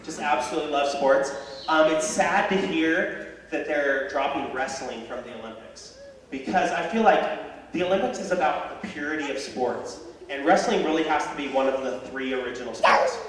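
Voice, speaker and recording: A young man doing a stand-up comedy set, telling stories in an animated way and yelling some lines in a high voice. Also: normal speed. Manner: animated storytelling with high yelled voices for characters. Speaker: stand-up comedian and high school tennis coach. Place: high school auditorium with live audience. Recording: echoey hall, distant mic, audience noise.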